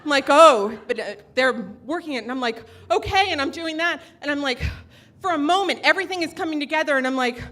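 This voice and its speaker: A woman's voice: sits high, fast, pushed and bright. A woman telling a personal story live on stage into a microphone, in a chatty, self-mocking way full of fillers.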